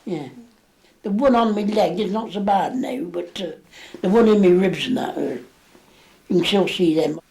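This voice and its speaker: A man's voice: high-pitched, lively intonation, normal speed, creaky, darkish tone. A man, recounting memories in an interview, rambling with plenty of fillers. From England. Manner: rambling, dialect grammar, many fillers. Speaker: war veteran interviewee.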